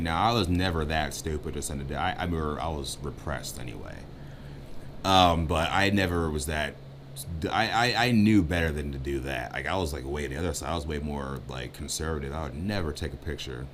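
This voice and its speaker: A man co-hosting a dating advice chat, joking and talking without a filter, swinging between loud bursts and muttered asides. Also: a bass voice, a little hiss or hum. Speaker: co-host giving dating advice. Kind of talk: casual uncensored chat.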